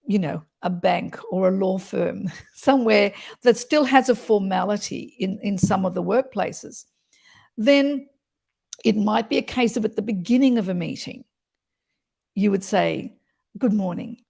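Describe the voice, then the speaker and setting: A woman voice coach talks through voice technique in a lively, expressive way. Her voice sits in a middle pitch with a gravelly, fry-tinged edge. She often slips into short demonstrations while she explains. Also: a little slow. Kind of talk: explanatory interview chat.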